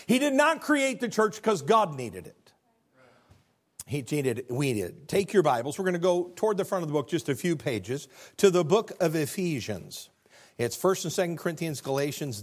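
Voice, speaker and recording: Lively, high-pitched male preacher. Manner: animated storytelling with stammered restarts. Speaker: pastor. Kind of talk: sermon.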